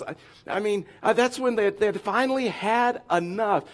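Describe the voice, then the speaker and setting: Animated man preaching a sermon. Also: sits high, moderate pace. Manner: animated, acts out whiny complaining voices. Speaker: pastor.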